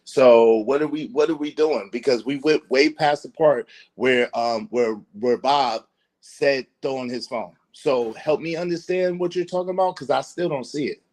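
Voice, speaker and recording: A man hosting a live-stream panel, arguing hard, repeating himself and hurling insults, his voice climbing and getting loud as he rants. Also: mid-range voice, normal speed. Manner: ranting, insulting, repetitive; voice rises and turns loud when angry. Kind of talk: heated live-stream argument.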